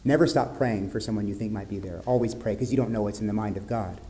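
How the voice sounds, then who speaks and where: A man preaching a sermon as pastor, in an earnest way that drops to soft, grave tones. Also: on the low side, fast talker.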